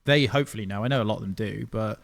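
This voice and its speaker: A man in his thirties co-hosting a podcast in casual, excitable chat. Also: lowish voice, racing, vocal fry. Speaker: podcast co-host.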